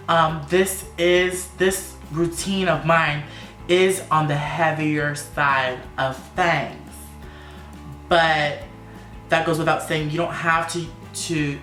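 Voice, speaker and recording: A man's voice: a little high, bright, forceful tone. Sassy campy man, echoey room. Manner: sassy, campy, playful asides. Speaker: makeup vlogger. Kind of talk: makeup tutorial vlog.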